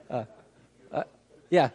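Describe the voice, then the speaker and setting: A man who is a pastor giving a conversational teaching talk, lively and acting out how words get mispronounced, with many fillers and restarts. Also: very slow. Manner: animated, acts out mispronunciations.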